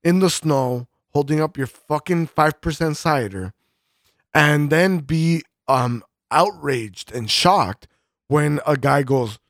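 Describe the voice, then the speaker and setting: A man in loose podcast banter, cursing nearly every sentence and stumbling through restarts. His voice sits fairly high, and the recording is dry and close. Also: slow pace, a bit bright, no echo. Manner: profane, rambling, full of fillers and restarts. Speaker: podcast co-host. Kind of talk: casual podcast chat.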